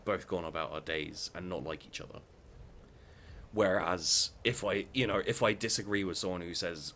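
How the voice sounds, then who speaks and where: A man's voice: low-pitched, normal speed, a bit bright, a little hiss or hum. A man ranting bluntly about his opinions, swearing often and restarting his sentences. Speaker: vlogger. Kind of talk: heated opinion rant.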